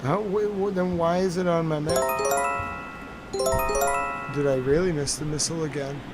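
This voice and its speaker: A man's voice: a little high, steady tone, normal speed, loud music behind the voice, rough recording. A tired man hosting a live stream, chatting casually and rambling to his viewers.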